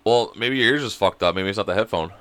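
A young man co-hosting a casual podcast over a video call, sick with a cold, telling animated stories and breaking into high laughter. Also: quick pace, clear, resonant tone. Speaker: podcast co-host. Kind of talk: casual chat.

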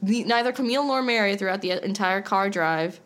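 A woman's voice: medium pitch, fairly quick. A woman co-hosting a casual podcast, chatting animatedly and finishing her partner's thoughts. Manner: chatty, animated quoting, fills in partner's points. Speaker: podcast co-host. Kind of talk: casual recap chat.

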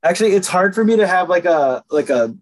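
A man with a somewhat high voice in casual podcast banter. He teases his co-hosts and slips laughs between his lines. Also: animated, a little fast, poor audio. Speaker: podcast co-host. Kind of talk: casual chat.

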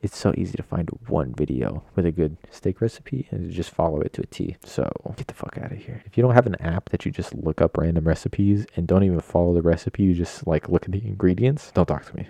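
Low gravelly young man rambling casually. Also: fairly quick, hardly any pauses, dark tone, dry recording. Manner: slangy, self-deprecating, tangent-prone. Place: at home at a computer.

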